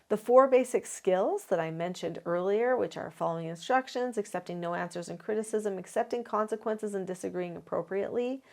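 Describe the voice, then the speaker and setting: A woman, a parenting educator, giving an instructional talk to camera. She explains her advice clearly and methodically, counting down numbered tips in an earnest, encouraging way. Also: medium pitch, a little mellow.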